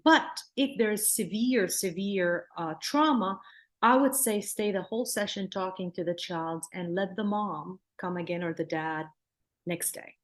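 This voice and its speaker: A woman from Palestine, a clinical psychologist giving a workshop lecture in an earnest way, often repeating words and slipping into gentle soothing phrases. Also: mid-range voice, a little slow. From Palestine, raised in Jordan.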